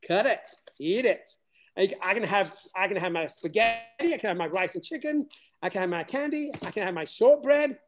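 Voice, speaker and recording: Brisk and high-pitched with lively intonation, a space program educator runs a classroom demo remotely over video call. He's playful in tone and frequently starts over mid-thought.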